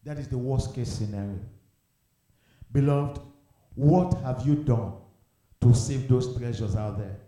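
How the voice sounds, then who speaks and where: A man's voice: medium pitch, a little slow, pauses often, mellow. A male pastor preaching fervently in an empty church, repeating phrases and asking rhetorical questions. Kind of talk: sermon. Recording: very echoey church room.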